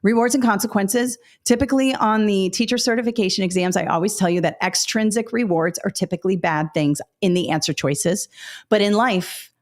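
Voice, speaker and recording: Using a mid-range voice, a woman shares practical tips for new teachers during a webinar. Her delivery is lively and story-driven, with reenactments of what she tells her students.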